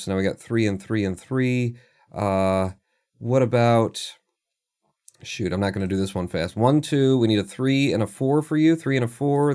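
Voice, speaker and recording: A man's voice: on the low side, a little mellow. A man live-streaming a number puzzle, thinking aloud and muttering numbers to himself with self-deprecating asides. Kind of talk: casual thinking aloud while playing a puzzle game.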